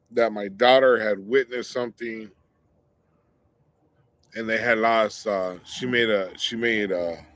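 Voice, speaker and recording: A man's voice: fairly low pitch, fairly bright tone, no room sound. A middle-aged man hosting his own show, telling a personal story in a casual, blunt, slangy way and warning listeners. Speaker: show host.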